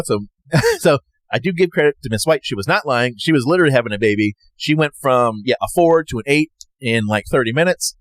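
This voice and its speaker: A man tells a personal story in a loose, rambling way, his pitch swinging widely as he acts out what other people said. The sound is dry and close, with no room around it. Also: animated, brisk, no room sound. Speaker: podcast host.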